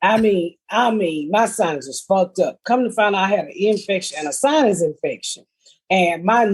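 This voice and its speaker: A woman's voice: mid-range voice, lively intonation, normal speed, breathy edge. A middle-aged woman hosting a podcast, telling blunt, profane comedic stories in casual chat.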